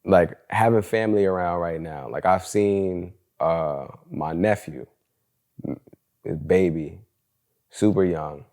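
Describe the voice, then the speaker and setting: A young man hosts a solo podcast in a slightly low voice. He talks in a loose, candid, slangy way and keeps "bro" and "like" running through his stories. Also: takes it slowly, darkish tone. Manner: candid, slangy storytelling, fills talk with "bro" and "like". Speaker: podcast host. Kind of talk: casual solo podcast monologue.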